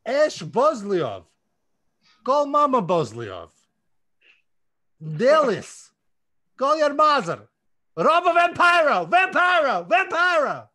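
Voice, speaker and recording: A loud, sing-song mock Russian accent, as a man puts it on, drawing out each name in a very high, lively voice. It is hammed up for fun and swoops widely in pitch. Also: drawn-out words, long pauses, heavily acted. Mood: hammy. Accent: put-on Russian.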